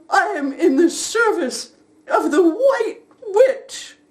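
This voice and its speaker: A woman's voice: high-pitched, expressive, drawn-out words, darkish tone, heavily acted. A woman voicing a weepy, remorseful male fawn who sobs and wails as he talks. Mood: tearful. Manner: sobbing, wailing.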